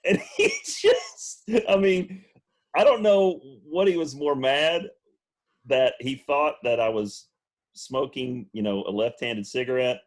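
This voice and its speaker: A man's voice: medium pitch, expressive, takes it slowly. A man co-hosting a sports talk show, telling a story in a casual chat and laughing often. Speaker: podcast co-host.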